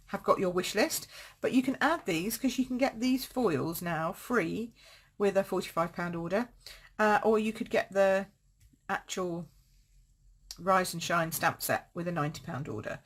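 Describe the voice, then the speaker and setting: A woman's voice: medium pitch, breathy edge. A woman hosting a live card-making tutorial, chatty and upbeat, laughing at herself as she works. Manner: chatty, upbeat, self-mocking with frequent laughs. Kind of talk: live-streamed craft tutorial.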